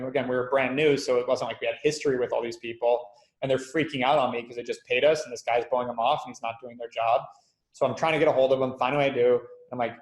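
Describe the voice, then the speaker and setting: A man, a company founder, being interviewed and telling stories in a lively way, acting out quoted dialogue. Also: mid-range voice, roomy sound. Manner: fast, animated, acts out quoted dialogue. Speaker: guest, company founder and CEO. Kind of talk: conversational interview storytelling.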